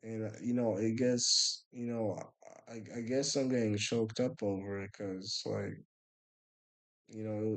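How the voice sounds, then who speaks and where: A young man with a slightly low voice tells a story late at night, sounding worn out. He rambles and stumbles through restarts and fillers as he goes, in a loose, casual vlog manner. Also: steady tone, measured pace, low-quality recording. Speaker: vlogger.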